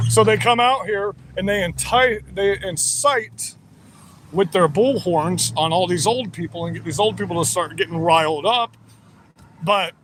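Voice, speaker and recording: High-voiced man ranting on the street. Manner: profane, combative, rambling. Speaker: livestreamer at a rally counter-protest. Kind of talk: casual livestream rant. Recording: outdoor street noise with traffic.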